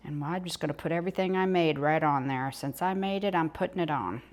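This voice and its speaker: Folksy older Southern woman, low voice. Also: quick pace, noisy background. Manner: chatty, folksy, talks while eating. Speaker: home cooking vlogger. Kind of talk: casual cooking demonstration.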